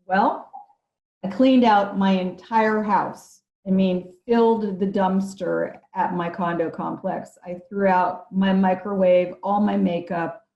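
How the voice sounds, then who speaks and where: A woman's voice: mid-range voice, fairly even intonation, slow, vocal fry. A middle-aged woman, a podcast guest, telling her personal story in an earnest, vivid way. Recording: echoey room, dull lo-fi sound.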